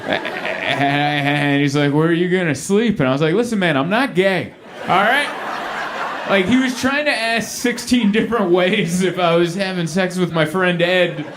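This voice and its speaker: A man's voice: sits high, moderate pace, few pauses, background noise. A man performing a stand-up comedy set on a club stage, acting out the voices of the people in his stories. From United States. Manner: animated, acts out quoted voices. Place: comedy club stage before a laughing crowd. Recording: live club with loud crowd laughter.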